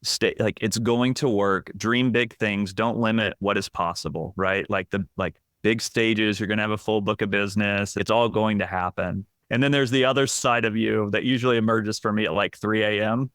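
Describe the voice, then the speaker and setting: Candid, reflective man, low and dry. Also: steady tone, normal speed, few pauses, a bit bright, dry recording. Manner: candid, reflective, with frequent fillers and restarts. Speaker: executive coach. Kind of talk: casual podcast interview.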